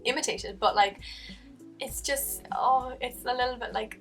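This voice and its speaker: A young woman with a Cork Irish accent, talking casually to camera in an animated, chatty way. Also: moderate pace, distant mic, soft background music. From Ireland. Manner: chatty, animated, acts out quoted voices with jumps in pitch. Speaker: vlogger.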